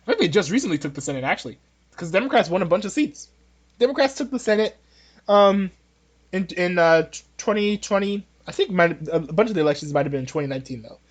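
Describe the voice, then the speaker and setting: A man's voice: sits high, lively intonation, fast talker. A man hosting a podcast, giving casual political opinions in a rambling, joking way with many restarts. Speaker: podcast host.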